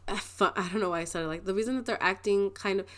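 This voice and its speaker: Rapid-fire and chatty, a young adult tarot reader rambles through a casual pick-a-card reading in her mid-range voice. She keeps laughing and restarting her sentences.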